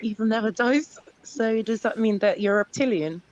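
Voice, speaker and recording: A woman's voice: a little high, normal speed, a little mellow, lo-fi sound. A woman on a live stream panel, teasing a guest with playful questions. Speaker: co-host. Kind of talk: casual panel chat.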